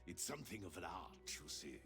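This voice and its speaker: A posh aristocratic British pig. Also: male voice, sits low, very animated, fairly quick. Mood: genteel. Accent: upper-class British. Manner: courtly, genteel. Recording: game audio under music.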